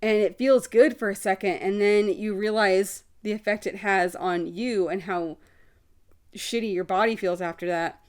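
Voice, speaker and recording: A podcast host talks about her life in a candid, expressive way, swearing casually now and then. Her mid-range voice keeps fairly even intonation at a normal speed, and she records on a video podcast setup.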